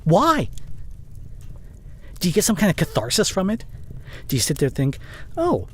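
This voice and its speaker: In an audio roleplay drama, a man plays an overworked young boyfriend, short-tempered but loving, speaking frustrated and heated straight to the listener. His voice is on the high side with huge pitch swings and a fast pace, recorded up close on a studio condenser mic though the audio is poor.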